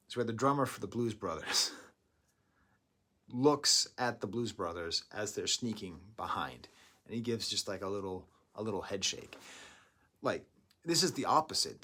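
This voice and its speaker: A man's voice: medium pitch, pushed and bright, breathy edge. Jokey, rambling man reviewing music. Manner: rambling, jokey, hums and mimics sounds. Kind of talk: animated music review monologue. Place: indoors, talking to camera.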